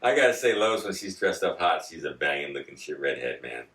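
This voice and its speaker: A man's voice: extremely low pitch, sing-song, fairly quick, fairly bright tone, recorded from a distance. A man co-hosting a casual podcast, joking around, laughing often and slipping into silly voices. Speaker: podcast co-host. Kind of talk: casual chat. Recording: echoey room, voice a bit off-mic.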